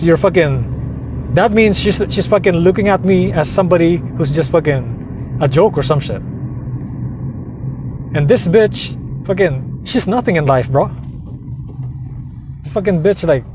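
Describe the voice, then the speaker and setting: A man vlogging an angry, profane rant to his viewers, heated and repetitive. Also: high-pitched. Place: outdoors, heading out to drive. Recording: noisy outdoor traffic.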